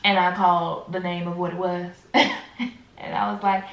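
A woman telling a casual storytime to her viewers, animated and slangy, speaking straight to the camera. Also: on the low side, normal speed, roomy sound, dull audio.

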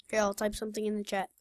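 A young woman chatting casually while playing a game, excitable, blurting out reactions and laughing. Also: mid-range voice, no echo, studio quality. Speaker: gamer. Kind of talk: casual gaming chat.

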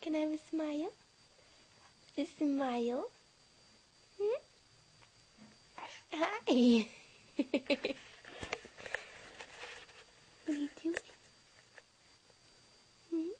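A woman's voice: high voice, expressive, extremely slow, long pauses, mellow. A young mother at home, cooing teasing sing-song baby talk to her infant while filming on a handheld camera. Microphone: handheld camera mic.

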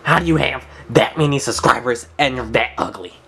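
Mocking teenage boy with a gravelly edge. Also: medium pitch, a little fast, a bit bright. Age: teens. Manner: mocking, blunt, talks back at the video. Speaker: reaction video host. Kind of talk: casual reaction commentary. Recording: echoey room, faint background hiss.

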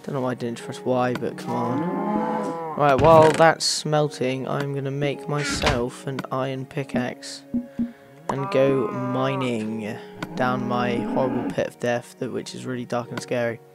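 A man's voice: medium pitch, flat delivery, measured pace, loud music behind the voice. Chatty man narrating his gameplay. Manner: rambling, talks to viewers while playing. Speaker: gaming channel host. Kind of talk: casual gameplay commentary.

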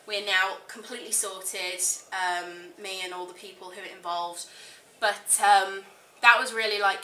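Woman, casual vlogger, gushing and chatty with lots of fillers, bright voice, echoey room. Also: medium pitch, a little hiss or hum. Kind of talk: casual chat to camera.

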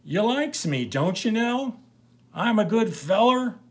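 Casting: man doing a drunk saloon braggart, loud and high, slurred boasts. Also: big pitch swings, slow pace, breathy edge, heavily acted. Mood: drunken boasting.

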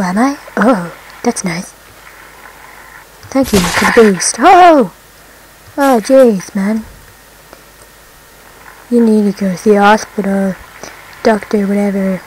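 Woman gamer, high voice, unhurried delivery, excitable and sweary, whoops at wins. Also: a little hiss or hum, low-quality recording. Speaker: gameplay commentator. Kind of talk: casual let's-play commentary.

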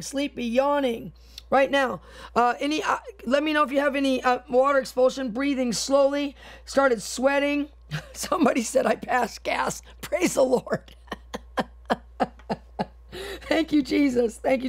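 A woman minister leading a live-streamed healing prayer, speaking in fervent, repetitive commands and decrees. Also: high voice.

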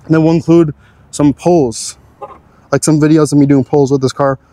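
A man's voice: on the high side, fairly even intonation, moderate pace, dark tone, dry recording. A young man hosting a car channel, giving an easygoing, chatty walkthrough of his car's features.

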